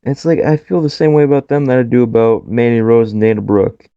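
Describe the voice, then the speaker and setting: A man's voice: mid-range voice, brisk, clear, resonant tone, no room sound, highs cut off. A man co-hosting a podcast in casual chat, blunt and swearing freely, laughing often. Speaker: podcast co-host.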